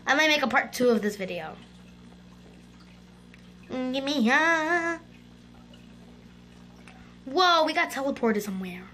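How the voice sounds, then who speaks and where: High, bright, excitable gaming voice. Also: female voice, a little slow, long pauses, a little hiss or hum. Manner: excitable, dramatic outbursts. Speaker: gaming YouTuber. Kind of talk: gameplay commentary.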